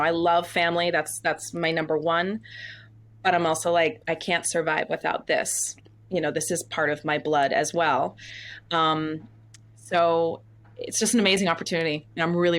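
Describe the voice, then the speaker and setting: Lively storytelling woman, slightly low voice. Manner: animated storytelling, acts out quotes, laughs often. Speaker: guest, Broadway actress. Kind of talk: candid interview chat.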